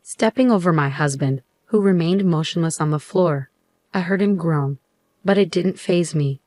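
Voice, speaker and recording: A woman in her thirties telling a first-person story in a steady, scripted narration. Her voice sits low and calm. It is recorded dry and close to the mic. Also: normal speed, no room sound. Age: 30s.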